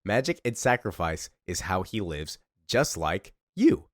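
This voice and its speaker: A man's voice: sits low, very animated, unhurried, dry recording, clean studio sound. A man casually narrating a comic story recap in a chatty way. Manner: casual, chatty, fills in with 'like'.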